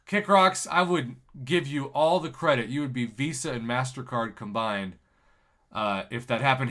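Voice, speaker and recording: Here a man livestreams a mobile game, his voice medium in pitch and his pace moderate. The talk is casual gaming chat, full of excitement and laughter, and he reads the chat out loud.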